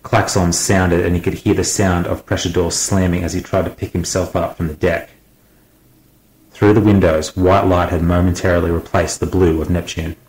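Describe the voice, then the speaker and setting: Brief: male audiobook narrator, deep and steady, dramatic delivery, echoey room. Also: moderate pace.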